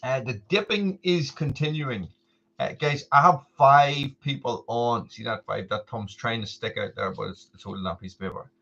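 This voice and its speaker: A man chatting loosely through a live stream, wandering from topic to topic and calling out to viewers by name. His voice sits at an ordinary middle pitch, and the stream audio sounds dull and lo-fi. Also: moderate pace, gravelly, bright, forceful tone. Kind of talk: casual live stream chat.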